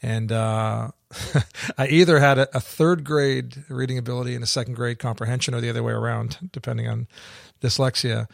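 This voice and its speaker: A middle-aged man from Canada, a guest in an interview, telling his story in a halting way with many restarts. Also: medium pitch, steady tone, gravelly, dry recording, clean studio sound.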